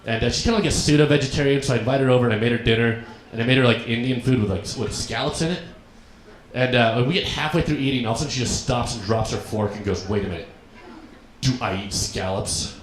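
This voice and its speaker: A young man from Colorado doing a stand-up set on a comedy club stage. He tells his stories deadpan and acts out the other people in them. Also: mid-range voice, quick pace. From Colorado, USA. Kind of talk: stand-up routine. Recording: echoey club room with a laughing crowd.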